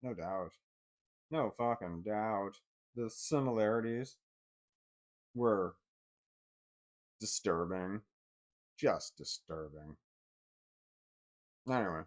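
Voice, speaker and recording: A middle-aged man telling a personal story in a blunt, heavily profane way, swinging between anger and quiet bitterness. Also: on the low side, expressive, slow pace, pauses often.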